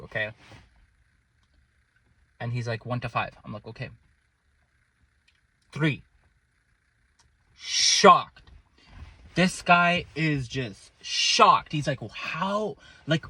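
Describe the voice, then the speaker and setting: A young man telling a personal story to his viewers in a casual, animated way, often checking in with "okay?" and his loudness rising and falling. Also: mid-range voice, breathy edge.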